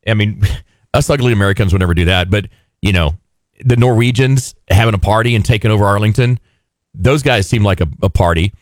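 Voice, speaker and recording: A man's voice: lowish voice, fairly quick, no echo, studio quality. A male radio show host from Texas, chatting casually and joking with lots of laughter. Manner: laughing, jokey. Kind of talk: casual chat.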